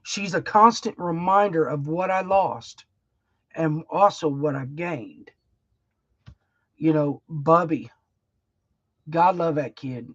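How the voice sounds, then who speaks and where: A woman's voice: low-pitched, slow, pauses often, fairly bright tone, no room sound, muffled recording. A middle-aged woman, chatting on her own livestream in a rambling, emotional, folksy way and laughing often. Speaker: livestream host. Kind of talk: casual heartfelt livestream chat.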